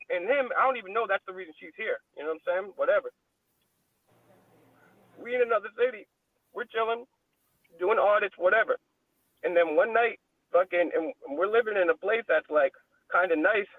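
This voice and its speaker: A high-pitched man tells a story over a thin, phone-like line with a dry, close sound. His talk is loose and rambling, peppered with slang and swearing. He comes across as a casual call-in voice on a live panel. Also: dry recording. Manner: profane, slang-heavy, rambling.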